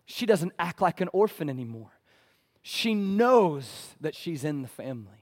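Male pastor, high voice, dynamic sermon delivery with congregation call-outs. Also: sing-song, unhurried. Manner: preaching with big swings from loud pleading to hushed; calls for "amen" from the congregation.

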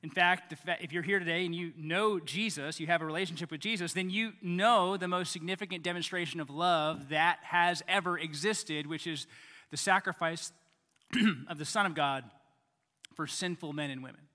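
A man's voice: fairly high pitch, moderate pace, bright, forceful tone, long reverb tail. A male pastor giving a casual, joking sermon to his congregation and acting out little everyday scenes for the kids. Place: church hall.

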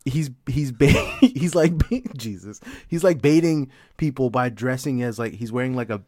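A young man swaps stories on a podcast, swearing freely and rambling from one thought to the next. His voice sits at an ordinary pitch. The recording is dry and close, with no room sound. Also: animated, normal speed, dark tone, no echo. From Mexican heritage. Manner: profane, rambling storytelling, laughs often. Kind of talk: casual chat.

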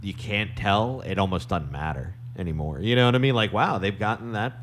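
A man in casual chat, answering eagerly with quick short replies. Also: lowish voice, a little hiss or hum.

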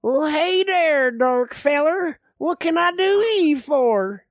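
A man voicing a nosy, rambling, bigoted old frontier man who talks in slow, folksy slang. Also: very high-pitched, lively intonation, no room sound, studio quality, voice pushed up, heavily acted.

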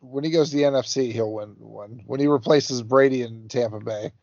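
A man making wry, offhand remarks on a casual sports podcast. His voice sits at a middle pitch, with a dry, close sound and a dull, lo-fi recording. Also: fairly quick, a little mellow, dry recording. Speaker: podcast co-host.

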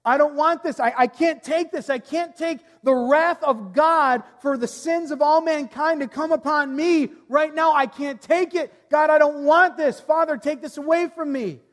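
A man's voice: very high-pitched, moderate pace, hardly any pauses, in a large hall, voice pushed up. A man preacher voicing Jesus in anguish, crying out and pleading with God in a raised, strained voice.

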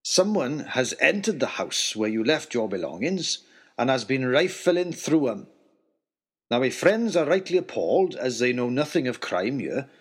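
A man voicing a gentle, hearty host with a stern edge, in a storybook reading. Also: mid-range voice, sing-song, moderate pace, slightly rough. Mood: kindly.

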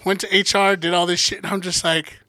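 A man's voice: sits high, fairly quick, no room sound. A man co-hosting a podcast, telling a profane story in casual chat and acting out the voices of the people in it. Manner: profane, animated, acts out quoted dialogue. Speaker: podcast co-host.

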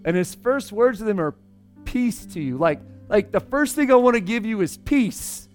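Guy pastor preaching, pretty high voice, goes loud then real quiet, faint music behind. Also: expressive, normal speed. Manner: conversational, swings between loud emphasis and hushed asides. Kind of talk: sermon.

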